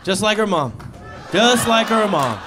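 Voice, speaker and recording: Animated male stand-up comic. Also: a little slow, crowd noise, background noise. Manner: animated storytelling with sudden high-pitched acted quotes. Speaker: stand-up comedian. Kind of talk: stand-up comedy set. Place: comedy stage before a live audience.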